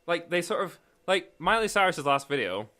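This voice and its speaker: A man's voice: a little high, sing-song, normal speed, bright, forceful tone. A man co-hosting a casual comedy podcast, throwing in wry quips and rambling through his points. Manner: wry interjections, rambling restarts. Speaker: podcast co-host.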